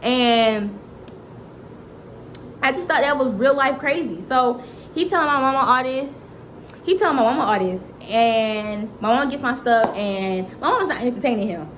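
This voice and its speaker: Young woman, storytime vlogger, fairly high voice, animated dramatic retelling, faint background hiss. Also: moderate pace, poor audio. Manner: animated, dramatic retelling that keeps addressing viewers directly. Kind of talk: storytime vlog.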